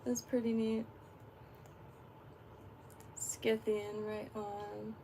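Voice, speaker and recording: In casual livestream chat, a Florida fishing streamer rambles with frequent laughs and many fillers. Her mid-range voice barely moves in pitch, with drawn-out words, vocal fry and a dark tone, plus a little hiss or hum.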